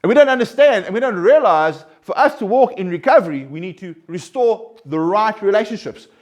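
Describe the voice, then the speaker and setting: A man's voice: high voice, lively intonation, a little fast. A man counseling a recovery group, talking earnestly and conversationally, often restarting and pressing his points with rising emphasis. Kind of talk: informal group talk.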